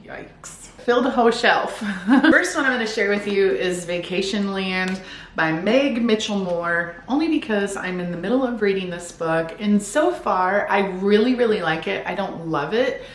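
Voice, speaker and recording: A book vlogger chats upbeat and casually from home about her new books, now and then reading back-cover blurbs aloud. Her mid-range voice moves at a normal speed, and the room is echoey with faint background noise.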